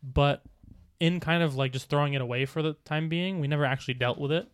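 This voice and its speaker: A man's voice: fairly high pitch, fast, clear, resonant tone, no room sound, clean studio sound. A young man co-hosting a casual podcast chat, telling a rambling story full of fillers. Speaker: podcast co-host.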